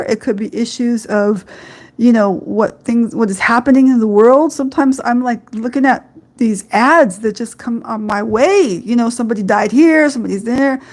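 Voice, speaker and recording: A woman's voice: a little high, moderate pace, darkish tone. A woman hosting a live-streamed faith podcast, talking earnestly and rambling a little, with frequent fillers and small laughs. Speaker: podcast host.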